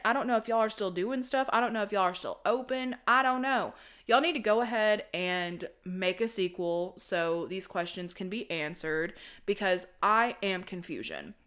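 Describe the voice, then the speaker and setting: A young woman hosting a podcast, recapping a horror movie in a casual, animated, swearing style. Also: medium pitch. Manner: animated, profane storytelling. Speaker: podcast host.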